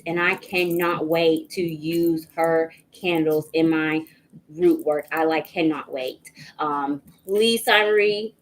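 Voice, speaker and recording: A woman's voice: mid-range voice, a little hiss or hum, poor audio. A woman hosting a live tarot reading stream, greeting and thanking viewers by name in a chatty way, with frequent "um"s. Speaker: tarot reader hosting a livestream.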